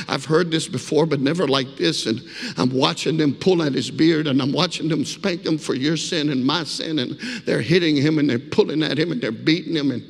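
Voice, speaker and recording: A man giving a guest sermon with his personal testimony, telling the story vividly and emphatically and calling the congregation for amens. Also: fairly high pitch. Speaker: guest speaker. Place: church sanctuary. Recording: echoey church hall.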